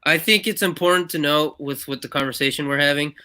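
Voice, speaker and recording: Brief: male podcast host, bright, crisp voice, wry laid-back chat. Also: on the high side, fast talker. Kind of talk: casual chat.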